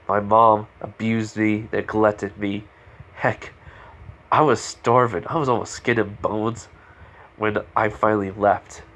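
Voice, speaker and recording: A man voicing a blunt, bitter teenage hero in training, lecturing in a low-key way in a fan story reading. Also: a bit bright.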